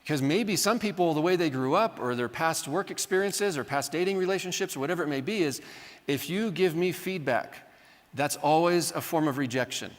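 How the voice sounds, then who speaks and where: A man's voice: on the high side, lively intonation, brisk. A man teaching a classroom lecture, talking casually and often asking "right?" as he acts out what people say. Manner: conversational, often acts out quoted voices, adds "right?". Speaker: Bible college teacher. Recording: reverberant hall.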